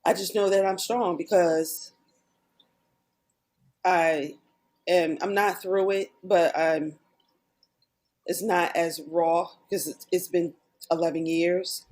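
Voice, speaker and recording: Earnest and open, a middle-aged woman talks on a podcast as a guest, her voice slightly low and darkish with fairly level intonation. Remembered dialogue keeps popping up in fast, quoted snippets.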